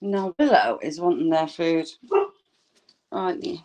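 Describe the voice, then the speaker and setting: A woman's voice: sits low, big pitch swings, unhurried, darkish tone, poor audio. A woman hosting a casual live stream at home, cooing at puppies in a sing-song voice and greeting viewers by name.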